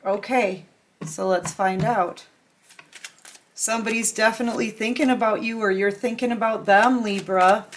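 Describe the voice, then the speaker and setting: A woman's voice: mid-range voice, fairly even intonation, normal speed, a little hiss or hum. A woman giving a casual tarot reading to camera, chatty and emphatic, repeating herself and talking straight to the viewer. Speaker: tarot reader.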